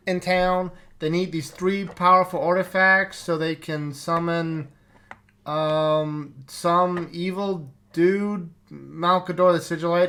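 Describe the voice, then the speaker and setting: A player retelling a tabletop game session as a tavern owner, in a profane comedic recap full of swearing and quick quoted bits of the other players. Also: mid-range voice, a bit bright.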